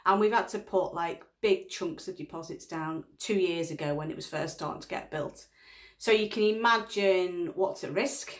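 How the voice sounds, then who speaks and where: A woman's voice: lowish voice, normal speed. A middle-aged woman, telling a story in a casual vlog, laughing often and acting out the lines of a conversation. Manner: chatty storytelling, laughs often, acts out dialogue. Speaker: vlogger. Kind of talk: casual chat.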